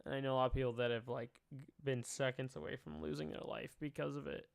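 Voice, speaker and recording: A man's voice: medium pitch, steady tone, fast, vocal fry, dry recording, clean studio sound. A young man doing casual reaction commentary, talking emotionally, often sighing, swearing and trailing off. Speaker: commentary streamer.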